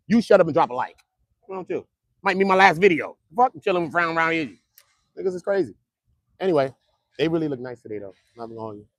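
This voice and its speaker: A man streaming trial updates from outside a courthouse, joking in loose street talk that swings from loud to muttered. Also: on the high side, dry recording, clean studio sound. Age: adult, at least 55. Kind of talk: casual live-stream chat. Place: outdoors near a courthouse.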